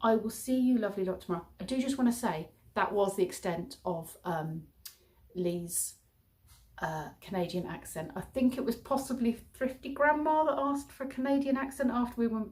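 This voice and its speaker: Here a middle-aged Englishwoman who works as a childminder and vlogger signs off her vlog with casual, rambling chat to viewers. Her voice is a little high and her speed normal. She comes across as warm-hearted and chatty, often chuckling.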